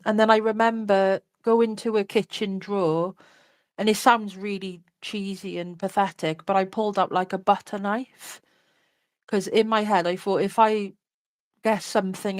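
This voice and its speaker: A woman's voice: mid-range voice, steady tone, normal speed, no room sound. Chatty woman telling her story. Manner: candid, chatty, many fillers like "like" and "you know". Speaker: interview guest. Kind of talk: personal storytelling in an interview.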